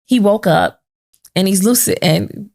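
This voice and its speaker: In this sit-down podcast conversation, the female host tells a moving personal story, performing the voices of those involved. She speaks in a mid-range voice at a measured pace, with vocal fry and a darkish tone.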